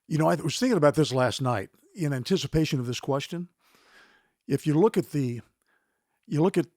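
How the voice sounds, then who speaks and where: A man's voice: mid-range voice, a little mellow, no echo. Veteran male anchor, older, reflective interview answers, dry close mic. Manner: measured, reflective. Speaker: guest, longtime news anchor.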